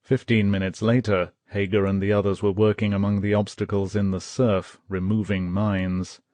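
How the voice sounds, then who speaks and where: A man reading an audiobook in steady, measured scripted narration. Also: on the low side, no room sound. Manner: measured, steady storytelling, voicing characters' shouts.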